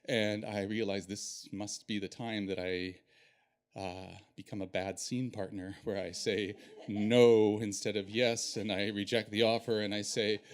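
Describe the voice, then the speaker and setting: A man telling a personal story on stage in an animated, self-deprecating way. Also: lowish voice, a little slow.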